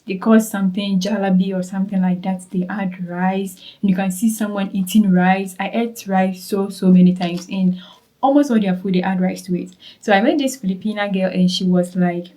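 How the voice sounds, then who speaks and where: A woman's voice: mid-range voice, fairly even intonation, moderate pace, warm tone, rough recording. Young Ghanaian woman, Ghanaian accent, casual travel vlogger, chatty, repeats for emphasis, talks straight to viewers. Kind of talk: casual travel vlog chat.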